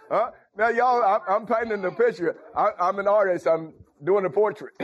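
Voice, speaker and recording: A man's voice: high-pitched, very animated, normal speed, long pauses. A man preaching a folksy sermon, calling out to his congregation. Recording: dull lo-fi recording.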